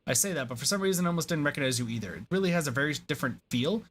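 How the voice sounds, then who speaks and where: A man's voice: fairly high pitch, animated, rapid-fire, fairly bright tone, a little hiss or hum. A man reading aloud the lines of an earnest young male resistance general in a game, with formal, courteous phrasing.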